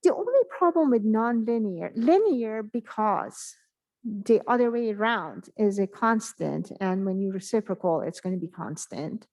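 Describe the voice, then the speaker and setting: A woman giving a math exam review in an online class, talking in a halting way and thinking aloud with many pauses and fillers. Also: medium pitch, animated, darkish tone, rough recording. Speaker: math instructor.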